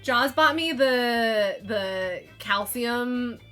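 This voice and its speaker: A woman's voice: fairly high pitch, lively intonation, extremely slow, pushed and bright. A woman from Missouri with a Valley Girl inflection, chatting casually and rambling while she crochets on a live stream. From Missouri, USA. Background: faint background music.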